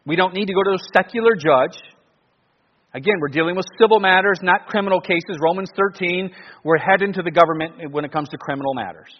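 A male pastor preaching a sermon in an animated way, full of rhetorical questions and frequent restarts. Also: high-pitched, fairly quick. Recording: dull, lo-fi recording with long reverb.

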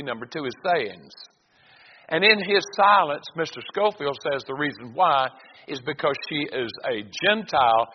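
A male preacher delivers a folksy, emphatic sermon in a slightly raised voice, stopping to read scripture aloud. The church recording is muffled, with a long echo and a faint hiss underneath. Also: a little high.

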